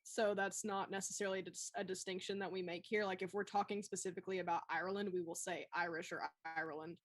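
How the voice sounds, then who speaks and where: A woman's voice: on the low side, level tone, quick pace. A woman with a Southern US accent chatting casually on a livestream, self-deprecating. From United States. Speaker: cosplay livestream co-host. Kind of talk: casual chat.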